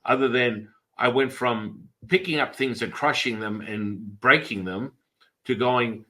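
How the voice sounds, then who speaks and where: A man's voice: medium pitch, unhurried, bright, forceful tone, low-quality recording. A man, a Taoist priest hosting a podcast, chatting casually and telling rambling stories with acted-out quotes. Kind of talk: casual storytelling chat.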